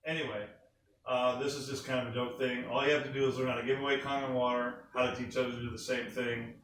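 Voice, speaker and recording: An enthusiastic man leads a presentation to a small group and keeps asking his listeners questions. His voice is bright and pushing. It sounds roomy and distant, with a faint hiss behind it. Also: mid-range voice, fast. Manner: energetic, enthusiastic, talks to the room with questions. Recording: echoey room from a distant mic with faint noise.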